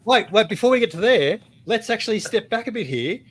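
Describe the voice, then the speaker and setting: A man's voice: high voice, lively intonation, fairly quick, a bit bright, slightly rough. A man co-hosting a rugby podcast, chatty and teasing. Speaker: podcast co-host. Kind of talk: casual podcast chat.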